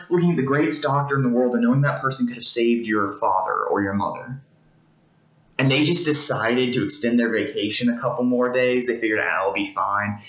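A man giving a devotional as a pastor, speaking in an earnest, conversational way and explaining with everyday examples. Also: mid-range voice. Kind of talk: devotional teaching. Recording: roomy echo.

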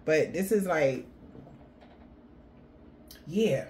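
A woman's voice: sits low, animated, extremely slow, darkish tone, slight background noise. Blunt, rambling woman giving a reading. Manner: rambling, blunt, swears freely. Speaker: tarot reader. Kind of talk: casual spiritual reading.

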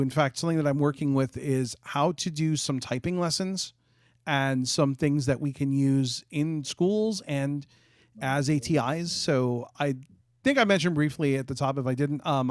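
A man's voice: mid-range voice, no room sound, clean studio sound. A man answering questions as the guest game developer in a webinar, chatty and correcting himself as he goes. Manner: chatty, restarts and self-corrects.

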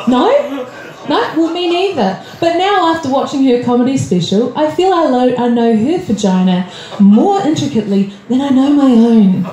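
Sing-song and high-pitched, a woman from Australia delivers her stand-up a touch slowly in a mellow tone. Onstage at a comedy club, she's anxious, self-deprecating and chatty, filling gaps with ums, as faint crowd noise echoes through the roomy space.

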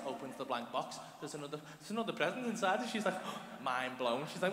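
A young male stand-up comedian with a Liverpool accent. He tells a story on a club stage, excitable and profane, rambling on a stage mic. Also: a little high, fast, hardly any pauses, a little hiss or hum. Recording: echoey live club hall with audience.

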